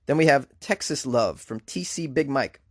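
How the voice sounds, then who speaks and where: A male podcast host talking in a loose, rambling way, full of fillers and shout-outs to listeners. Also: mid-range voice, expressive, moderate pace, dry recording, clean studio sound. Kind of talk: casual podcast chat.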